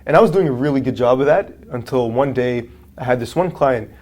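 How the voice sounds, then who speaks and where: A young man in his twenties tells a story from his working life in a relaxed, chatty way, full of fillers. When he quotes people his voice jumps up and gets loud, so his delivery is lively and expressive. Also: medium pitch, brisk. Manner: animated storyteller, acts out quotes in a raised voice. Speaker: guest, franchise owner. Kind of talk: casual storytelling interview.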